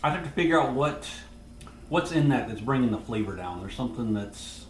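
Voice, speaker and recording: A man's voice: medium pitch, lively intonation, a little fast. A man, a vlogger chatting casually and joking at home. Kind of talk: casual chat. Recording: roomy with faint noise.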